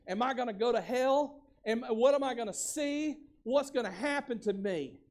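A man's voice: extremely high pitch, normal speed, a little mellow, voice pushed up. A preacher voicing a frightened condemned man. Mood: fearful. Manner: anxious, questioning. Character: condemned male prisoner dreading death.

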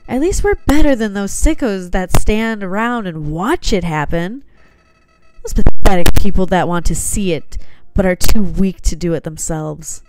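Here a woman uses her natural mid-range voice, animated and measured, to read lines for a cold, manipulative, soulless game flower. The delivery is coldly confiding and slightly theatrical, a put-on voice, with background noise in the recording.

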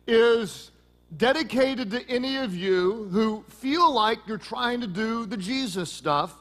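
A middle-aged man preaching a sermon as pastor, joking and lively, with sudden loud peaks. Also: high-pitched.

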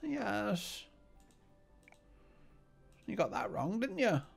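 A man voicing a fussy, bossy sidekick with a high, prim voice. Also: wildly swooping pitch, drawn-out words, vocal fry, breathy edge, soft background music, exaggerated voice. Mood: prim fussing. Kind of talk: comedic let's-play banter.

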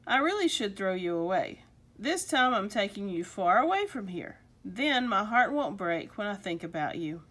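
A woman's voice: mid-range voice, very animated, normal speed, fairly bright tone. A woman voicing a kindly, fussy old man in a storybook read-aloud. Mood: fond. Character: kindly old man fretting over his hat.

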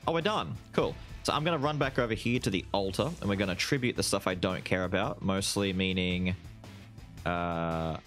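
A young man giving excited commentary over his own gameplay, exclaiming often and calling the listener "dude". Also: low voice, moderate pace, soft background music. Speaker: gaming video host.

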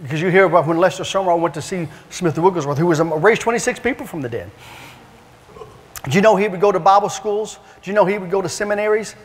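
A man evangelist preaching and telling stories in an animated, repetitive, emphatic way in a church. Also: high-pitched, quick pace. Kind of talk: preaching with storytelling. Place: church sanctuary. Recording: long church-hall reverb.

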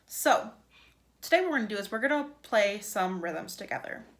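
A woman's voice: medium pitch, lively intonation, normal speed. A woman music teacher giving an upbeat virtual lesson to young children, chanting rhythms for them to repeat.

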